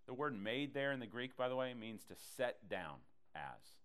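A man preaching a sermon to a congregation. He teaches in an animated way and acts out the people in his stories. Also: medium pitch, normal speed. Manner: animated preaching, acting out voices in quotes. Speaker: pastor.

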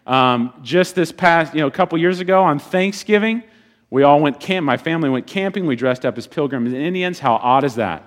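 A man preaching a sermon as a pastor, swinging between loud bursts and quiet, hushed passages. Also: fairly high pitch, lively intonation, a little fast.

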